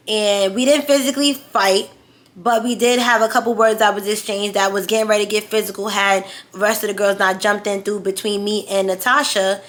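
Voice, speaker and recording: A woman's voice: mid-range voice, fairly bright tone. A woman vlogger telling a story-time tale in a blunt, profane, heated way.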